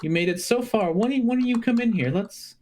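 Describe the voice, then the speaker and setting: A man's voice: sits high, quick pace, a little mellow, slight background noise, pitched above the performer's own voice, close to an everyday voice. A man voicing a sly kobold boss in a tabletop game, coaxing and mock-friendly. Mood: taunting.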